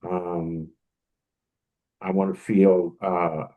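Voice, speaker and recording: A man's voice: low voice, fairly even intonation, takes it slowly, pauses often, warm tone, poor audio. Reflective man thinking aloud. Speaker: podcast co-host. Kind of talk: casual podcast conversation.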